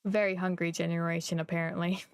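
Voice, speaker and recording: A young woman from Missouri, chatting casually and rambling while she streams a game, quick to poke fun at herself. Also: lowish voice, level tone, clean tone, no room sound. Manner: rambling, chatty, self-deprecating. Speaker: livestreamer. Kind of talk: casual live gameplay chat.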